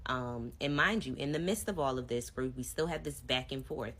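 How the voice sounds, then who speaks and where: Low-voiced woman telling a storytime. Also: normal speed, fairly bright tone. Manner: chatty, addresses viewers directly. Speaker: vlogger telling her own story. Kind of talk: casual storytime to viewers.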